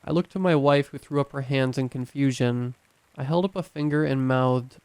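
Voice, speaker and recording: A man narrating a scripted horror story in a measured, tense storytelling manner. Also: medium pitch, darkish tone, smooth, no room sound.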